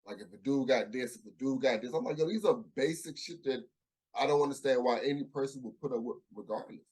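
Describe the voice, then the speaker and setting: A man's voice: medium pitch, fast talker, darkish tone, husky. A man co-hosting a casual podcast chat, thinking aloud and reflecting with frequent restarts. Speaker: podcast co-host.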